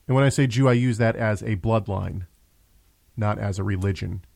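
A man's voice: fairly low pitch, moderate pace, vocal fry, a little mellow, no room sound. A man hosting a casual religious discussion show, talking in a conversational way with frequent restarts. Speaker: host.

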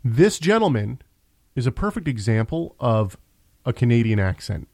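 Homem de voz rouca e grave. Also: male voice, medium pitch, very animated, moderate pace, mellow, no echo. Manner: conversational, frequent restarts. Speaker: host. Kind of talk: casual religious discussion.

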